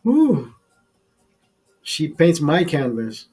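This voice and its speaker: A man's voice: fairly high pitch, very animated, slow, long pauses, a little mellow, slightly rough, soft background music. A man hosting a casual late-night chat over beers, tipsy, crude and rambling, repeating himself and laughing often. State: tipsy from drinking. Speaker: livestream host.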